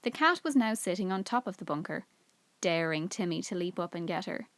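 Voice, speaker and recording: A teacher reading a children's book aloud in clear, even storytelling. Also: female voice, lowish voice, a little fast, no echo.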